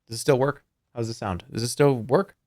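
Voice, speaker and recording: A male streamer reading a fantasy game's text aloud in a playful, expressive way, with casual comments in between. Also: medium pitch, brisk, no echo, studio quality.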